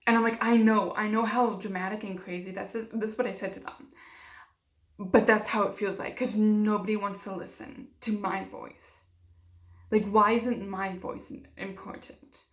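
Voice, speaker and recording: Speaking at a moderate pace with a steady, medium-pitched tone, a young woman shares a personal story in her vlog. She gets emotional, voices the dialogue of others, and fills her speech with fillers, all in an echoey room.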